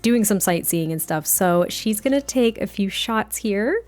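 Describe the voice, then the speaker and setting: A woman's voice: mid-range voice, lively intonation, measured pace, a little mellow. Chatty, giggly female let's-play host narrating her game with faint music behind. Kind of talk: casual game commentary and storytelling.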